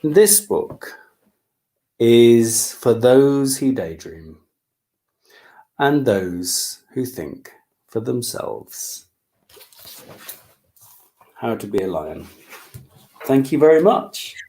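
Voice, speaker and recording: A man reading aloud to small children at storytime, animated and inviting them to join in. He speaks very slowly, and his pitch swings widely. He leaves lots of room for the children to respond. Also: a little hiss or hum. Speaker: author reading his picture book.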